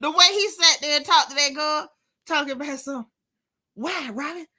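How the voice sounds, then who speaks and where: Woman host, high voice, bright tone, laughing, slangy recap chat. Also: a little fast. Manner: animated, laughing, heavy slang.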